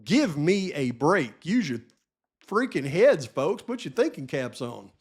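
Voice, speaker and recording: A man's voice: fairly high pitch, big pitch swings, measured pace, breathy edge. A man hosting a true-crime commentary channel, firing off indignant rhetorical questions. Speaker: host.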